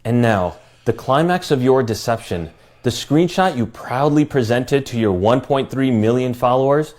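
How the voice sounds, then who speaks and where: A well-spoken man calmly delivering a scripted rebuttal. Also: medium pitch. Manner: calm, measured, well spoken. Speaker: video essayist.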